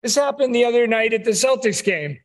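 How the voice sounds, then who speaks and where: High-voiced rabbi giving a wry sermon. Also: male voice, expressive, brisk. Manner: conversational, wry storytelling. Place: synagogue sanctuary.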